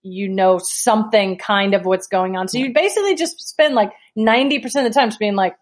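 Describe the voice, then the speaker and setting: Woman, podcast guest, chatty, filler-heavy, relaxed. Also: mid-range voice, a little fast. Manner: chatty, lots of "like", laughs. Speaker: guest, pro soccer player. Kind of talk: casual podcast chat.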